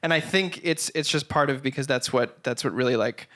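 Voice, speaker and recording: A man's voice: mid-range voice, fairly quick, a bit bright. A man co-hosting a live podcast panel, talking in an enthusiastic, rambling way with many restarts. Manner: rambling, self-correcting, enthusiastic. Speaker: podcast co-host. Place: live studio stage with audience.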